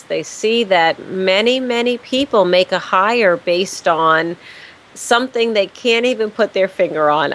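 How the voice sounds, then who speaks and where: A woman's voice: medium pitch, fairly bright tone, slight background noise, low-quality recording. Woman consultant explaining step by step. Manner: emphatic, repeats key words. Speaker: business consultant. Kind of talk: interview answers.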